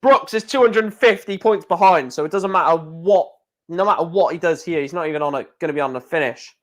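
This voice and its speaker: A high-voiced man giving casual, chatty live reaction commentary. He talks straight to his viewers and bursts into excitement over big moments. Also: fairly quick. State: hiccuping. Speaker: live stream host reacting to darts.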